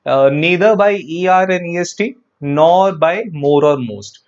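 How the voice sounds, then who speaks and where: A man with a fairly high voice teaches an online grammar lesson in a chatty, repetitive way and talks directly to his viewers. The audio is dull and lo-fi. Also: lively intonation, measured pace.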